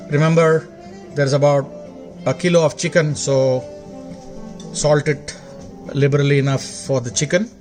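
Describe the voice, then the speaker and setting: Slow-talking man demonstrating a recipe. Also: on the high side. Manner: slow, instructive, gently enthusiastic. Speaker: cooking show host. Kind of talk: cooking demonstration.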